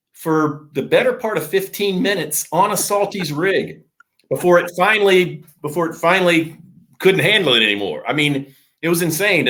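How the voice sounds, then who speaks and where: A middle-aged man, a surf fishing charter captain, explaining gear in a relaxed, practical way with plenty of fillers. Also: fairly high pitch. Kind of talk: casual podcast interview.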